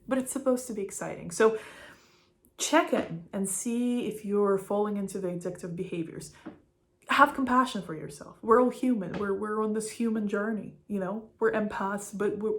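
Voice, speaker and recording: A young woman speaking an unscripted, heartfelt spiritual monologue to her viewers, rambling and full of "like" fillers. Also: medium pitch. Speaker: spiritual vlogger.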